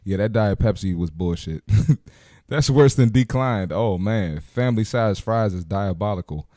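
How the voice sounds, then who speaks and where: A man's voice: lowish voice, unhurried, dark tone, no room sound. Casting: male podcast host, blunt slangy roast commentary, dry close sound. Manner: blunt, joking, slangy trash talk. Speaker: podcast host reacting to clips. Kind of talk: casual reaction commentary.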